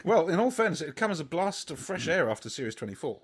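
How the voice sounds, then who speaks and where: A man's voice: on the high side, sing-song, quick pace, slightly rough. A man hosting a podcast in casual, enthusiastic fan banter, fussy about details. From England. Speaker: podcast host. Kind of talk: casual chat.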